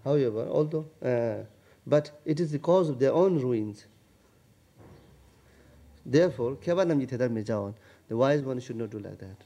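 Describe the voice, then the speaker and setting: A man teaching a text, explaining grammar word by word in a halting, repetitive way. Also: mid-range voice, expressive, mellow. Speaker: Tibetan language teacher. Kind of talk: casual text-study session.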